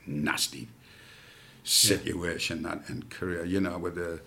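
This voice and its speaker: Older guy in his 70s, gravelly husky low voice, rambly storytelling, swears a lot. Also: steady tone, normal speed, bright, forceful tone, slight background noise. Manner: rambling, lots of fillers and swearing. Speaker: guest, rock singer. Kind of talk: casual storytelling chat.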